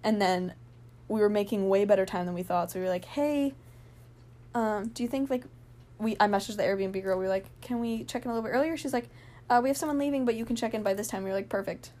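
A young woman telling a rambling, excited story in a casual vlog, full of fillers and laughs. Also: medium pitch, quick pace.

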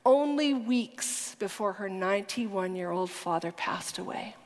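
A woman preaching a sermon in earnest, emphatic tones, now and then sinking to a hushed whisper. Her voice trails off into a long reverb, as in a large hall. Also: mid-range voice, lively intonation, a little slow. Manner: earnest, emphatic storytelling, dropping to a whisper at times.

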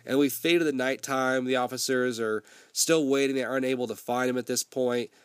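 A man's voice: medium pitch, fairly even intonation, brisk, smooth, dry recording, studio quality. Casual swearing man with a cold. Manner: loose, swearing, conversational storytelling. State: summer cold. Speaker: movie recap host. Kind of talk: casual profane movie recap.

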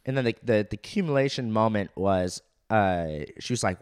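A man's voice: fairly low pitch, a little fast, smooth. Chill young guy recounting a bar fight, cusses casually, lots of likes. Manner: laid-back, profane storytelling with fillers. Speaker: friend telling story. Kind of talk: casual chat.

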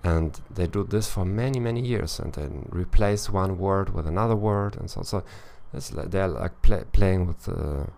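A man's voice: low-pitched, normal speed, vocal fry, hardly any pauses, a little mellow, slight background noise. A man coaching language learners in a podcast monologue, thinking aloud and tacking on little tag questions. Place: lives in Eastern Europe.

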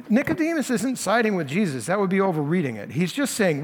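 Casting: male pastor, fairly high voice, chatty teaching sermon, long room reverb. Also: sing-song, quick pace, hardly any pauses. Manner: conversational, paraphrasing scripture in plain speech. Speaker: lead pastor. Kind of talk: expository sermon.

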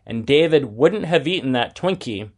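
A man's voice: mid-range voice, lively intonation, moderate pace, lightly acted. A man reading aloud and voicing a patient, fair mother explaining things to her sons in a children's story.

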